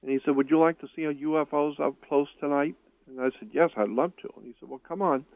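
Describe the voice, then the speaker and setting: An older man telling a personal story in an interview, speaking earnestly with halting starts and repeated words. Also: fairly high pitch, no room sound. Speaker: guest recounting a personal experience. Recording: tinny phone line, dry.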